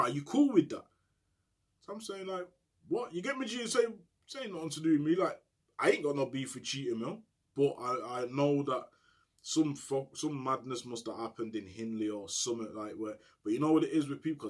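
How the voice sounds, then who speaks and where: A man's voice: medium pitch, breathy edge. A middle-aged man telling stories in casual street slang, often asking "you get me". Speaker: storyteller. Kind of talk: casual storytelling monologue.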